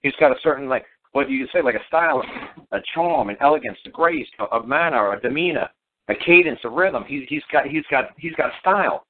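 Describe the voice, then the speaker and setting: A man's voice: medium pitch, expressive, a little fast. A middle-aged man telling stories casually as a talk show guest, rambling, repeating himself and swearing freely. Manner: rambling, repetitive, blunt and profane. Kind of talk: casual storytelling on talk radio. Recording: tinny phone line on talk radio.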